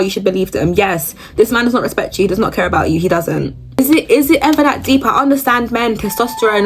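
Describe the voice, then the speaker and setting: A woman's voice: medium pitch, a little fast, few pauses, slight background noise. A young woman hosting her own show, reading posts aloud and reacting bluntly with laughs and gasps. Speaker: host reading reddit posts. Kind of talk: casual reaction commentary.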